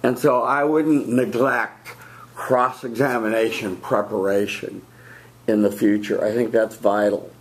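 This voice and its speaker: A man coaching debaters in a classroom, giving blunt feedback with lively emphasis. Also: medium pitch, measured pace, slight background noise. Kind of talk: spoken critique in class.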